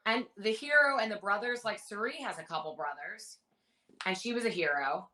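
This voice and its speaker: A woman in her thirties, a reality show contestant, telling stories in a casual interview with animated, rambling detail. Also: mid-range voice, normal speed, background noise. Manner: animated, rambling anecdotes with many fillers.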